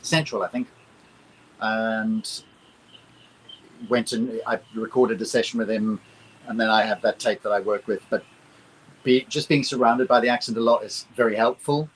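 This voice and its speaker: A man's voice: on the low side, steady tone, normal speed, long pauses, husky, rough recording. British man explaining thoughtfully. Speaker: actor, interview guest. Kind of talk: conversational interview.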